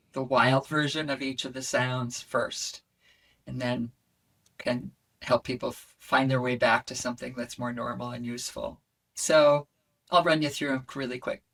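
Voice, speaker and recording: A woman voice coach who is a guest on a podcast, talking in an expressive, animated way. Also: rumbling low, far from the mic.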